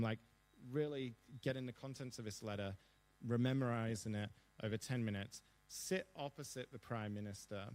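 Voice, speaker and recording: A man in his thirties with an Australian accent, speaking as a guest at a seminar. He tells anecdotes in a brisk, animated way, pokes fun at himself, and drops in quick asides. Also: mid-range voice. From Perth, Western Australia. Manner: lively anecdotal storytelling, self-deprecating, quick asides. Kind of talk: storytelling interview on a seminar stage. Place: seminar hall before an audience.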